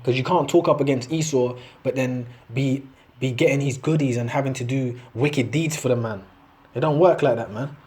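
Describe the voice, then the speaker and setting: A man's voice: mid-range voice, moderate pace, darkish tone. A man preaching in a loose, conversational way, reading scripture aloud and often ending lines with "man". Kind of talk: casual street-style preaching with scripture reading.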